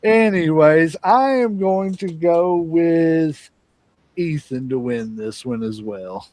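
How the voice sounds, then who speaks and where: A man in his thirties hosting a laid-back chat show, talking slowly in a slightly high voice. He rambles easily and laughs often, and his voice sounds close and dry with no room around it. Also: a little mellow, no echo. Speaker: podcast host. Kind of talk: casual chat.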